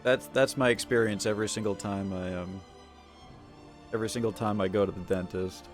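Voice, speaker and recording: A man's voice: fairly low pitch, fairly even intonation, fairly quick, faint music behind. A man chatting casually on a live stream, rambling and swearing as he rants. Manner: rambling, profane and ranting.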